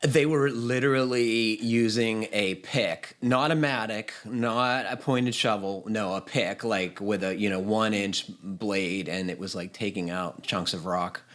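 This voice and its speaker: A man's voice: fairly low pitch, steady tone, measured pace, hardly any pauses, a bit bright. Chatty man hosting a podcast. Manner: chatty, easygoing, laughs often. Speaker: podcast host. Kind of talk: casual podcast chat, reading a listener email.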